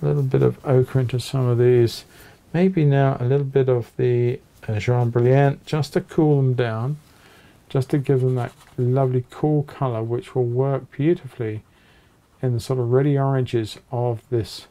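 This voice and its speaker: Male painting tutor, gravelly and warm, relaxed chatty narration while seated at the easel. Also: mid-range voice, normal speed. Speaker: painting teacher. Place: small home studio with a low ceiling.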